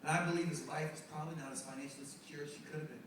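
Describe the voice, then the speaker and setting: A middle-aged male pastor preaching a sermon, animated and joking with the congregation as he tells stories. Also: on the high side, very fast, slight background noise. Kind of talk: sermon with storytelling. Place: church sanctuary. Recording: echoey hall, distant mic, music behind.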